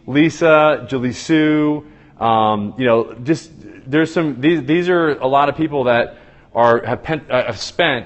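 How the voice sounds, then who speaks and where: A man's voice: medium pitch, dull audio. Man, casual livestream host, chatty, phone mic, long reverb. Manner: chatty, reads viewer comments aloud and greets viewers by name. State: tired after a long day.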